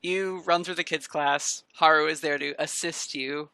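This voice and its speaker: A woman narrating as game master of a tabletop game, in a relaxed, chatty way. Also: low-pitched, gravelly, clean tone, no room sound. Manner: relaxed, chatty narration with quick voiced asides.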